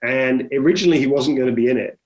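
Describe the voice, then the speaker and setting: A middle-aged film director with a mid-range, darkish voice talks quickly in a chatty, conversational interview. He tells stories with many restarts.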